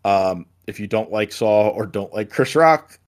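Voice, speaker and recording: A man hosting a casual movie chat, halting and repeating words as he starts sentences. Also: fairly low pitch, expressive.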